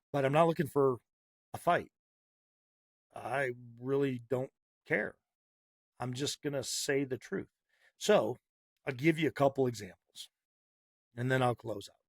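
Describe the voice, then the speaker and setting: A man's voice: mid-range voice, a little slow, pauses often, no echo, studio quality. A man hosting a podcast, delivering a heated, sarcastic opinion monologue with punchy repetition. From Massachusetts. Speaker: podcast host.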